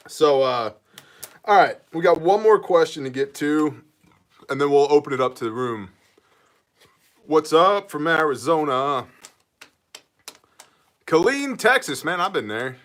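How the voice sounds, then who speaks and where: Animated man hosting a live chat. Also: a little high. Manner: joking, quick greetings to viewers, animated. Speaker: livestream host reading viewer comments.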